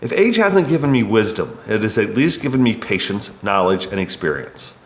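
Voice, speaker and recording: A man's voice: lowish voice, sing-song, moderate pace. A bike shop service writer reading his own work story in a wry, opinionated way. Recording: roomy echo.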